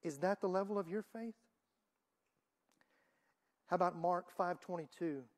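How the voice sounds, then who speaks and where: Woman preaching with dramatic loud-soft swings. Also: lowish voice, measured pace. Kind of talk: sermon. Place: church.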